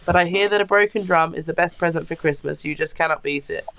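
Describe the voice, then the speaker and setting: A woman's voice: sits low, fast, background noise. A woman co-hosting a casual chat show, reading viewer comments aloud and laughing often.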